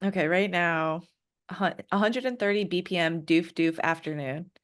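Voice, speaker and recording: A woman co-hosting a podcast in casual chat, relaxed and laughing often. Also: on the low side, moderate pace. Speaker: podcast co-host.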